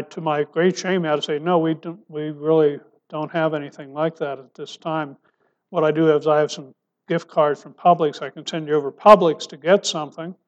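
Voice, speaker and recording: High-voiced man preaching a sermon. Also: dull audio. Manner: preaching with rhetorical questions, dropping soft for emphasis. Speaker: pastor.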